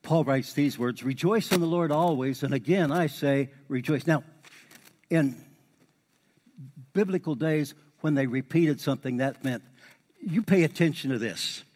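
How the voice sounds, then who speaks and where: A middle-aged man preaching a sermon in a folksy way, repeating key lines for emphasis and building into lively exhortation. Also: on the high side, a little slow. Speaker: pastor. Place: church sanctuary. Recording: long hall reverb.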